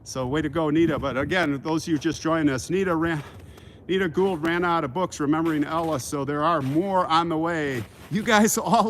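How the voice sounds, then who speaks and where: A man's voice: on the high side, a little hiss or hum. A man from Kansas hosting a casual livestream while walking outdoors through a cemetery. He rambles into a joking rant and breaks off mid-sentence to thank donors. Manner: laughing mock rant. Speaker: livestream host.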